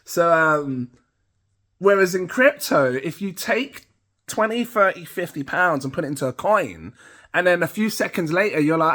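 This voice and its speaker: A man's voice: sits high, sing-song, moderate pace, a bit bright. A middle-aged British man rambling casually to camera as a crypto channel host, chatty and self-amused. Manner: rambling, chatty, laughs at himself.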